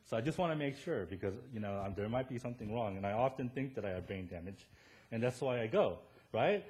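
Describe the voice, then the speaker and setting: Animated male pastor preaching a sermon. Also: fairly low pitch, fast. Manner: animated storytelling, rising to loud emphatic peaks, tag questions "right?"; self-deprecating humor. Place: church.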